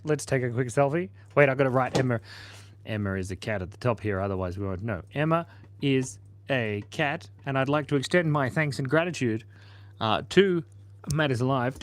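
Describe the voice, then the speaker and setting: A man hosting a casual live stream, chatting playfully and laughing while he draws and reads out viewer comments. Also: mid-range voice. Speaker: livestream host.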